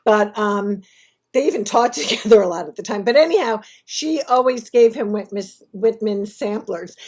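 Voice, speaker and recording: A woman's voice: mid-range voice, expressive, normal speed, a little mellow. A woman talking to the camera in a casual video monologue, rambling and laughing at herself. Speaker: vlogger.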